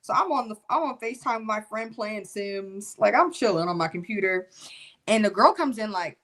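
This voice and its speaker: A young woman telling a personal testimony story in a casual, animated, expressive way. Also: mid-range voice, moderate pace.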